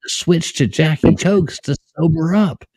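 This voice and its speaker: A man hosting a live stream and chatting casually, telling lively stories with easy laughs. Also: fairly high pitch, a little slow, slightly rough, no room sound, clean studio sound. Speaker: host.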